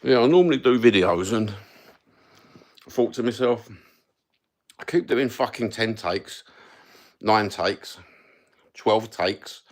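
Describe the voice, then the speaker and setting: A Cockney-accented man hosts a livestream, chatting casually, rambling between topics, and swearing plenty. His voice is on the low side and slow, with long pauses.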